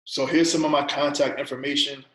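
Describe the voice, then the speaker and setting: Man presenting a casual trading lesson, flat delivery, keeps asking "right?", slightly echoey room. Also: medium pitch, a little fast. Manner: conversational, repeats "right?" and "you know"; asks a string of coaching questions.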